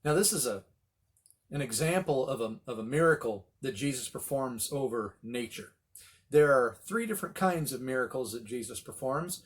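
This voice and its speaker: A middle-aged man leading a Bible study, telling the story with animated voices for the quoted lines. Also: medium pitch, moderate pace. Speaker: pastor.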